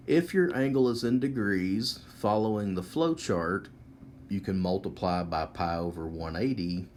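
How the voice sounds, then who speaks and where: Casting: low-voiced male teacher, unhurried step-by-step whiteboard walkthrough, faint room hum. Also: a little mellow. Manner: slow, methodical, step-by-step explaining. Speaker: math teacher. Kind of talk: whiteboard lesson narration.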